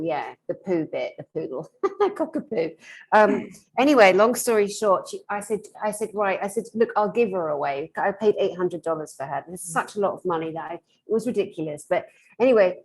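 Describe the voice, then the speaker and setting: A woman's voice: medium pitch, brisk, low-quality recording. A woman telling an anecdote casually, rambling and correcting herself as she goes. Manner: rambling, self-correcting, animated. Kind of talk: casual storytelling.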